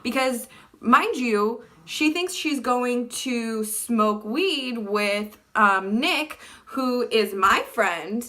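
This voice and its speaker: A young woman telling a personal story to camera in casual chat, animated and full of "like", acting out what people said. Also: on the high side, extremely slow. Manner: animated, fillers like "like" throughout, acts out quotes. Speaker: vlogger.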